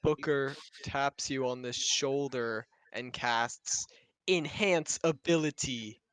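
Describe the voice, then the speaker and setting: Halting, smooth-voiced man player. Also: medium pitch, fairly bright tone, dry recording. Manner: halting, searching for words. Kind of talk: casual game chat.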